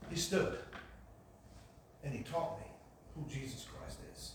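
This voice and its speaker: A man's voice: a little high, animated, takes it slowly, long pauses. A man giving his testimony as a sermon, with an emphatic, repetitive preaching cadence, in a church. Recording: echoey hall from far off, faint hiss.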